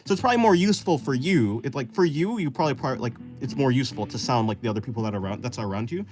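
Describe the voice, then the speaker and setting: A man's voice: mid-range voice, animated, racing. A young man with an American accent chatting casually while drawing, rambling and explaining at length with many fillers and restarts. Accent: General American. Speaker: art streamer. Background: guitar music.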